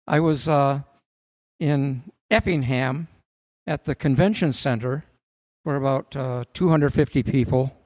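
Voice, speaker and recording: A man in his sixties, a stand-up comedian guesting on a podcast, speaking haltingly with repeated words. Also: mid-range voice, a little mellow, no echo. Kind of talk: casual interview chat.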